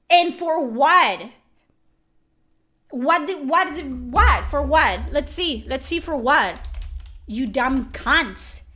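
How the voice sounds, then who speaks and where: A young woman ranting furiously and profanely to camera, yelling at her critics. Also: high-pitched, animated, slow pace. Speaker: YouTuber. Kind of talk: angry rant to camera.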